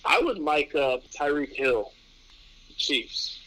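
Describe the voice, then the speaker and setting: A young man with a bright, forward voice chatting loosely in an interview. He rambles, restarts his sentences and laughs a lot, keeping everything easygoing. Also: fairly high pitch, slow, low-quality recording. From New York. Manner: relaxed, rambling, laughs often, many restarts. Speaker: interview guest, pro athlete. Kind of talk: casual interview chat.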